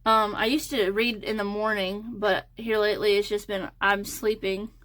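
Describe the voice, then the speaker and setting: A woman's voice: mid-range voice, flat delivery, moderate pace, a bit bright. A young woman talking in a casual, hesitant ramble full of fillers while getting ready. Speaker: crochet and design vlogger.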